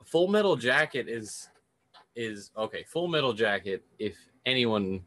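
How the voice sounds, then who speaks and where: Young man, podcast co-host, casual chat, playful, excitable. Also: medium pitch, a little slow.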